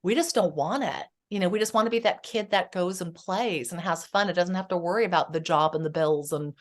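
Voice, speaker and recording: A middle-aged woman speaking as a therapist guest on a podcast, earnest and spiritual, telling stories with lively energy. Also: on the low side, fairly quick. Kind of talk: casual podcast conversation.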